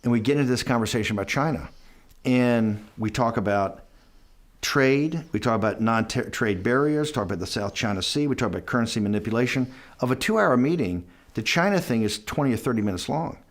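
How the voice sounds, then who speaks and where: Man, interview guest, middle pitch, casual storytelling, rambling, self-interrupting, acts out quoted dialogue. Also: expressive, brisk.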